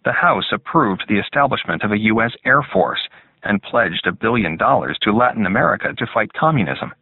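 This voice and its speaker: Low-voiced male audiobook narrator. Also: animated, fairly quick, husky, no echo. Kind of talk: scripted narration. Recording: tinny phone-like dry sound.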